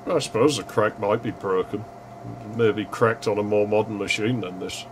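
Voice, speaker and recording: A man casually commenting while streaming a retro game, swearing freely and yelling at the screen now and then. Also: on the low side, normal speed, a little hiss or hum.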